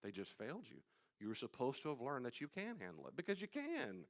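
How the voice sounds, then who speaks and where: Male pastor leading a live Bible study, mid-range voice, repeats key lines with force, then drops low and confiding. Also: huge pitch swings, quick pace. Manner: emphatic and repetitive, swinging from loud stresses to quiet asides; conversational, addresses listeners directly.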